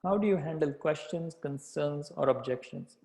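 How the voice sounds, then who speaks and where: A man leads a live sales workshop in a voice pitched a little high, with a soft, dark tone. He repeats key phrases and keeps checking in with his listeners. The room gives his voice a clear echo. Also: normal speed. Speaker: sales coach. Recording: echoey room sound.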